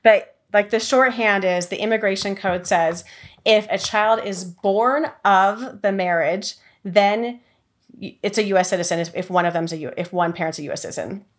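A woman's voice: mid-range voice, normal speed. Chatty woman podcast host. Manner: chatty, many fillers and restarts. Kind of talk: casual podcast conversation.

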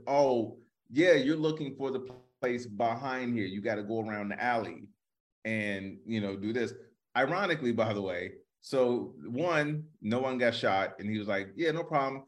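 A comedian co-host in easygoing podcast talk, telling a story that wanders with restarts and asides. His voice sits at an ordinary middle pitch. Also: moderate pace. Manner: relaxed, rambling storytelling with laughs.

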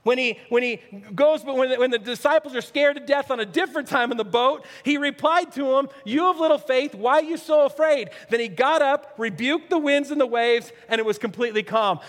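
A male pastor preaching a sermon with earnestness, swinging from near-shouts to hushed, low asides. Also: a little fast, few pauses. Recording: long reverb, echoey hall.

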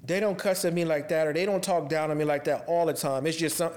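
A man with a slightly higher voice than most men talks alone on his podcast in a loose, conversational way. He is candid and raw, and his speech catches and restarts as the subject weighs on him. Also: steady tone, quick pace, a little mellow. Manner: raw, candid, emotionally heavy; casual and conversational, restarts when upset. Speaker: podcast host. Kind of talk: personal monologue on mental health.

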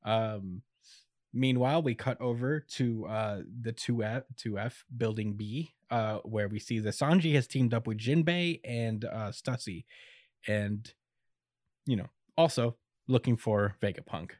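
A man's voice: fairly low pitch, unhurried, darkish tone, no echo, studio quality. A man in casual chat recapping an anime episode, laid-back and chuckly, with lots of fillers.

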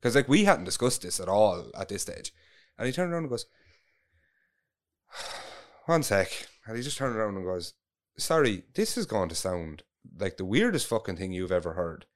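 A man's voice: lowish voice, sing-song, moderate pace. An Irish man telling a long story in casual chat, rambling, swearing freely and restarting his sentences.

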